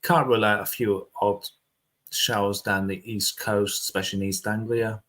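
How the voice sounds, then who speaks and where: A man's voice: on the low side, flat delivery, moderate pace, a bit bright. Laid-back man reading weather charts. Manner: laid-back, chatty, laughs often. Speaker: amateur weather presenter. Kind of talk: casual live stream chat and forecast.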